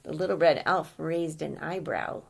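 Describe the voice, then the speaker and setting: A woman reading a children's story aloud gently, pausing to ask the listener questions. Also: sits low, creaky, breathy edge.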